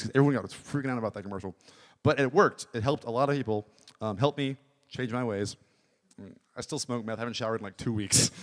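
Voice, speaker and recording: A man doing stand-up at a small live venue, his voice middling in pitch. He rambles through his bits with a deadpan, filler-heavy delivery into a handheld stage mic. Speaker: stand-up comic. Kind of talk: stand-up comedy set.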